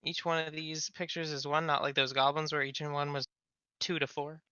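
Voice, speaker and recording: A man playing in a tabletop game who thinks aloud and asks quick questions. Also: on the high side, level tone, sharp tone, clean tone, no room sound, highs cut off. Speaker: player. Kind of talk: tabletop role-play.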